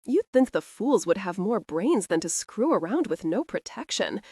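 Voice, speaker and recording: A woman's voice: mid-range voice, very animated, normal speed, dark tone, husky, no room sound, studio quality. A woman reading the part of a blunt, mocking male doctor in an audiobook. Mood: sardonic. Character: sardonic older male doctor, a gruff sadistic wit.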